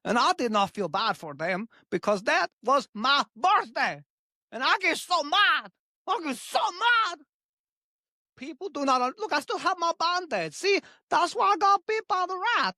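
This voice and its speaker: Woman doing a grumpy deadpan male chef. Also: measured pace, dry recording, clean studio sound, exaggerated voice. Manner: deadpan, broken grammar, wild pitch swings. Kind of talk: improvised comedy bit.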